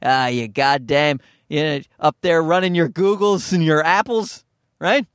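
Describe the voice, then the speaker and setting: A male comedian rambles through a solo podcast, running himself down and sliding into quick mock voices. His voice sits a bit higher than most men's, and the sound is close and dry on a studio mic. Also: clean tone, no echo. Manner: rambling and self-deprecating, slipping into mock voices. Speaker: stand-up comedian and podcast host. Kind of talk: casual solo podcast monologue. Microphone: studio mic through a field recorder.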